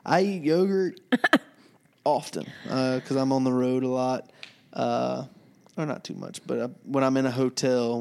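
A man co-hosting a relaxed podcast, his voice at a middle pitch. He rambles easily, trails off into fillers and chuckles between thoughts. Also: creaky, clean tone. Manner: easygoing, rambling, lots of fillers and laughs. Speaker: podcast co-host. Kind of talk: casual chat.

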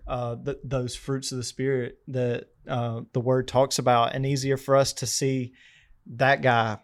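A man co-hosting a Christian podcast, speaking in a halting way with many fillers and amens. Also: medium pitch, little pitch movement. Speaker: podcast co-host. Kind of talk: casual faith talk.

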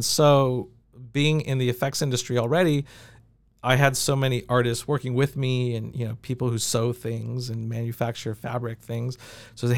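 A man who is a podcast guest, telling animated stories in a casual interview and often laughing. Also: medium pitch, normal speed, creaky, no echo. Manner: animated anecdotes with frequent laughs.

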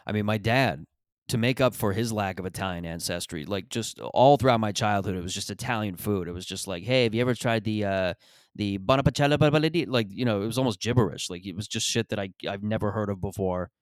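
A man's voice: lowish voice, a little fast, no echo. A man hosting a podcast, rambling and riffing profanely through a casual comedic monologue on a close mic.

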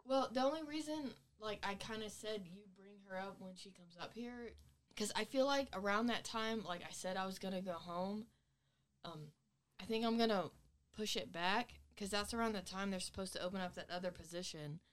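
A woman talks through her plans in a casual podcast chat. She speaks bluntly, at a middling pitch. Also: normal speed.

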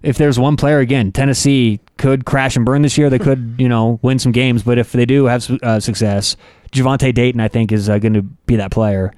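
A man's voice: medium pitch, steady tone, moderate pace, darkish tone, dry recording, studio quality. Rambling man talking college football. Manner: loose, rambling with many fillers. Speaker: co-host. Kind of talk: casual sports talk.

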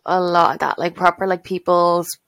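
A woman's voice: on the low side, flat delivery, normal speed, fairly bright tone, no room sound. A young woman with a Dublin accent, a podcast co-host in casual chat, teasing and sweary.

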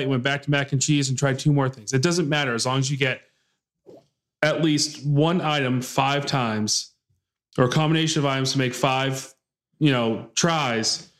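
A young man co-hosting a podcast, chatting casually and telling stories with unhurried pauses. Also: medium pitch, a bit bright. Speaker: podcast co-host. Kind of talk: casual chat.

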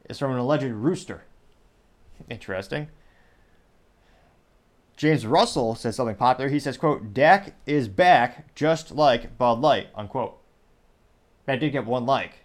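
A man hosting a commentary show, reading social media replies aloud in a dry, mocking way. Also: mid-range voice. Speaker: show host.

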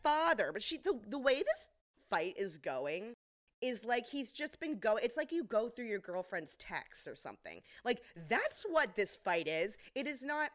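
A woman's voice: fairly high pitch, measured pace. A woman co-hosting a podcast, recapping a TV episode in casual chat with sarcastic, swearing asides. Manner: animated and sarcastic, swears, laughs often. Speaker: podcast co-host.

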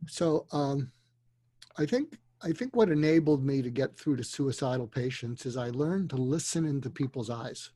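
An older man, a psychiatrist, telling a story earnestly and deliberately, dropping to a hush for emotional moments. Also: medium pitch, expressive, breathy edge, no echo. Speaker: guest, psychiatrist. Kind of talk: storytelling in a conversation. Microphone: video call.

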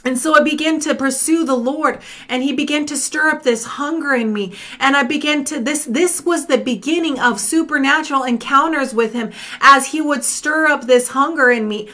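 A middle-aged woman tells her faith story in an earnest personal testimony. Her voice sits high and bright, and she circles back over phrases and restarts sentences as she speaks. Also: moderate pace, hardly any pauses. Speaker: minister.

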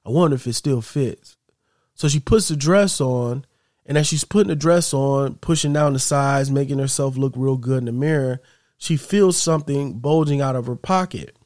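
A man's voice: medium pitch, moderate pace, darkish tone, dry recording, clean studio sound. A man casually telling a story, conversational and repetitive in phrasing. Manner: conversational, repeats "she's like".

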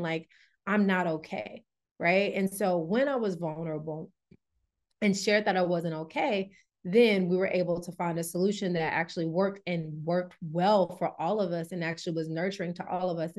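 A woman in her thirties, a wellness coach guest on a podcast, telling personal stories in a candid, animated way, laughing often and acting out the voices of others. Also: lowish voice. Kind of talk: candid conversational storytelling.

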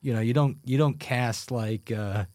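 Laughing, animated male podcast guest. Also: mid-range voice, a little slow, no echo, studio quality. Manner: animated storyteller, laughs often. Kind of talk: casual chat.

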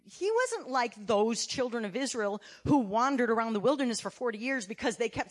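A woman elder delivers a sermon with a fairly high voice. She swings between loud, forceful points and quiet, low passages, and keeps asking her listeners questions. She is speaking in a church sanctuary. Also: big pitch swings, normal speed, few pauses.

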